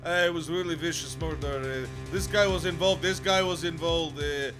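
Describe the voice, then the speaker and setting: A big, cheerful police chief with a put-on Russian accent, as a man plays him. He talks soft and low. Music plays behind him. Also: moderate pace, natural voice. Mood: evasive.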